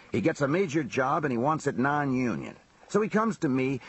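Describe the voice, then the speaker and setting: A man's voice: medium pitch, fairly bright tone, slightly rough, heavily acted. A man voicing a blunt, streetwise mob underboss who recounts his grievances in profane, conversational talk. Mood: aggrieved.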